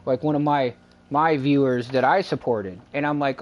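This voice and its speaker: A man's voice: a little high, normal speed, dull audio. A male game streamer talks casually to his viewers. He rambles through a long retold exchange, acting out both sides with "and I was like". He swears freely and loosely. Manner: rambling, retells a dispute with lots of quoted back-and-forth. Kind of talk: casual live-stream chat.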